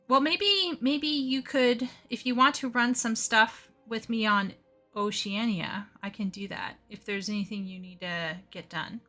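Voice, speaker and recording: Woman streaming a game, flustered, chats with viewers, slow easy pace. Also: on the high side, pushed and bright, soft background music. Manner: chatty, flustered, talks to chat while playing. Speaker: live streamer. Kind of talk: casual gaming livestream chat.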